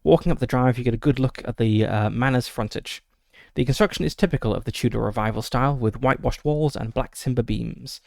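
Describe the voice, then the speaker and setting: A streamer running a solo tabletop game reads a gamebook aloud in a steady, descriptive way, with frequent "uh" fillers and side remarks. His mid-range voice is gravelly and crackly, his pace brisk. The recording is dry and close, with no room sound around him.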